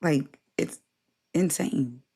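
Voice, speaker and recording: Low-voiced woman, plain and direct. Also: drawn-out words, creaky, mellow, slightly rough. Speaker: host. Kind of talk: casual chat.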